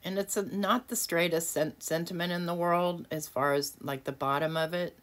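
A woman's voice: on the low side, steady tone, normal speed. A woman hosting a casual crafting tutorial at her home desk, chatty and self-deprecating, often laughing at herself. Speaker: craft video host.

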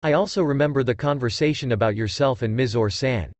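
A man's voice: mid-range voice, fast, dry recording, lightly acted. A man voicing a cheeky, kind spirit of a father who explains things at length.

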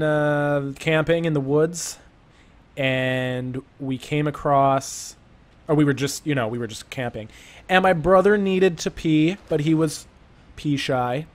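An excitable man narrates a creepy game as he plays it, drifting into playful asides about a made-up camping trip. Whenever danger shows up he panics, firing off rapid repeated commands at the screen. His voice sits at an ordinary middle pitch for a man. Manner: playful self-talk, rambling asides. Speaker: let's play gamer. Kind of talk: gameplay commentary with improvised backstory.

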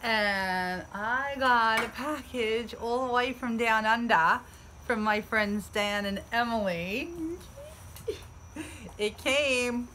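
Bright-voiced chatty American woman. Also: on the high side, slow, slight background noise, low-quality recording. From United States. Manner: chatty, enthusiastic. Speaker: vlogger. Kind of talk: casual unboxing vlog. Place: outdoors.

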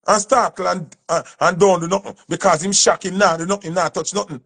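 Here a Jamaican man from the dancehall scene talks to camera at normal speed, his high-pitched voice gravelly and slightly rough. The impassioned, preachy speech circles back to the same points repeatedly.

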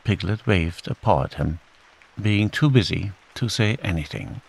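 A man reading a bedtime story aloud in a calm, soothing way and gently voicing the characters. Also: deep voice, unhurried, gravelly, breathy edge. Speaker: audiobook narrator. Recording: steady rain sound behind the voice. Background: rain.

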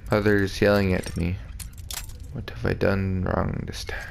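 A man's voice: sits low, level tone, a little slow, vocal fry, a little hiss or hum. A man doing casual, crude, joking commentary while playing a video game and talking back to it. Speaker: gamer. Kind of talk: casual let's play commentary.

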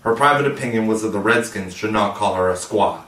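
A man reading a storybook aloud in a measured, expressive way. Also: lowish voice. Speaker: audiobook narrator. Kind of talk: storybook narration. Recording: roomy, distant mic.

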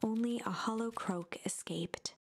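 Calm woman narrating a storybook game. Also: fairly high pitch, a little slow, breathy edge.

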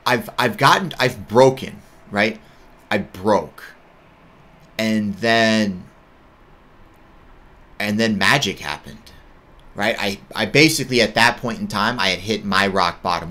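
An American judo athlete in his thirties talks through his own story in a loose, candid ramble, leaning on "like" and "right?". His voice sits low, with a bright, forceful, edgy tone. It sounds like an unscripted monologue.

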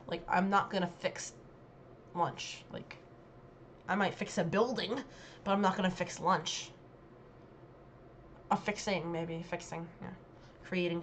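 A woman vlogger with a fairly low voice chats casually while commenting on a dialect quiz, hesitant and full of ums and self-corrections. There's slight background noise.

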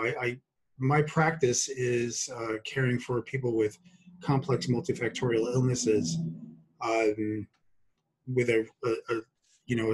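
This guest is a doctor in his sixties from Brooklyn, New York, whose husky, medium-pitched voice comes through a rough recording. He chats about his practice casually, joking often and using many fillers.

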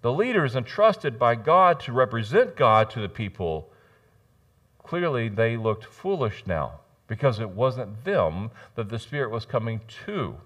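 A male pastor with a drawl delivers a lively sermon in a church. His voice sits at a mid pitch and swings from booming emphasis to hushed asides, with a wry, joking touch. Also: measured pace. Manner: animated, jokey preaching with sudden loud rises and soft drops. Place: church sanctuary.

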